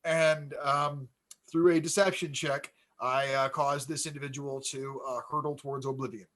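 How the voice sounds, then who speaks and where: A man casually telling a tabletop game story on a podcast, acting out quotes with growing excitement. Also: medium pitch, moderate pace, low-quality recording. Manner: animated storyteller, acts out quotes with rising excitement. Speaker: podcast co-host.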